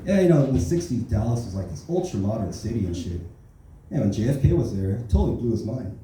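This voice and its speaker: A man's voice: mid-range voice, very animated, fast talker, dark tone, a little hiss or hum. Profane stand-up man in an echoey club. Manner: profane, rambling storytelling, tag questions. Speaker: stand-up comedian. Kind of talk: stand-up comedy set. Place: open mic comedy club. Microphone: handheld stage mic. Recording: roomy club sound from far off.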